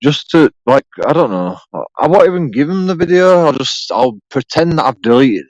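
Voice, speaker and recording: A man's voice: fairly high pitch, big pitch swings, normal speed, no room sound, lo-fi sound. A man rambling sarcastically through a profane solo vlog, repeating himself as he goes. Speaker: YouTube auditor.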